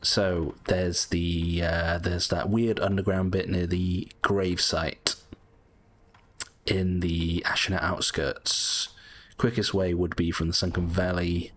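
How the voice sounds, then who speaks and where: A man's voice: low voice, little pitch movement, takes it slowly, fairly bright tone. A British man giving casual gameplay commentary, chatty and prone to frustrated swearing. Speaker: gameplay streamer.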